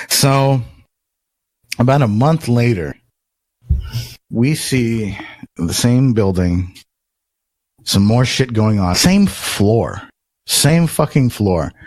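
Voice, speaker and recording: A man's voice: medium pitch, drawn-out words, long pauses, no echo. A man telling a long story on a podcast in casual, profane talk, acting out what people said. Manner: animated, acts out quotes, swears often.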